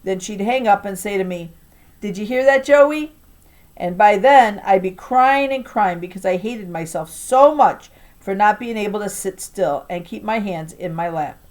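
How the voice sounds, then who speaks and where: A woman teacher reading a children's novel aloud to her class, with an expressive storytelling delivery. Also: mid-range voice, normal speed, hardly any pauses.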